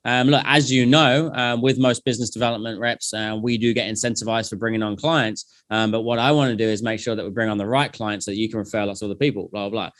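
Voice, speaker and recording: A man, a company founder, telling animated stories and acting out past conversations in a casual interview. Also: on the low side, fast, few pauses, dry recording, clean studio sound.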